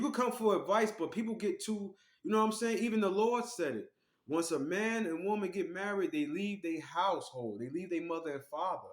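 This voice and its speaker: A man giving casual, animated storytelling commentary as an online vlogger. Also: on the high side, reverberant. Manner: animated, acts out quoted voices.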